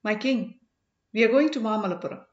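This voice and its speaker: A woman's voice: fairly high pitch, lively intonation, a little fast, darkish tone, lightly acted. A woman voicing a loyal male servant who answers with deferential respect, in a roomy, dull recording. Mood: dutiful.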